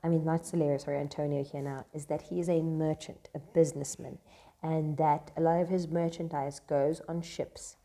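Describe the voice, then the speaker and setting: Low, mellow-voiced woman tutor. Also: level tone, moderate pace. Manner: chatty, many fillers, asks "right?". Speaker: literature tutor. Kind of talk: casual explanatory lesson with read-aloud quotes. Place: classroom with noise around.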